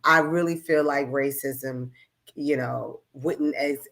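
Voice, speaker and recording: A woman's voice: steady tone, slow. Blunt, fired-up woman radio host. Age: adult, raising children. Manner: blunt, profane and heated, swings from low mutters to loud outbursts. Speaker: radio talk show host. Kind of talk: unscripted radio talk monologue. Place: radio studio. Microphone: studio microphone.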